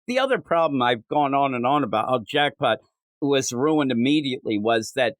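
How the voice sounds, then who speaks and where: A man's voice: medium pitch, normal speed, no echo. A man co-hosting a comic book podcast, recapping issues in casual chat and acting out the dialogue. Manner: animated, acts out dialogue in voices.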